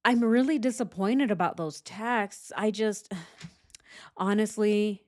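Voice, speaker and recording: A woman commenting on interview transcripts as a true crime host, animated and sarcastic, swearing often. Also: mid-range voice, slow.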